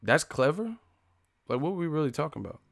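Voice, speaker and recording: A man's voice: a little high, big pitch swings, fast talker, vocal fry, a bit bright. Sarcastic ranting male streamer. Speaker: boxing live-stream host. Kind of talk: live-stream rant.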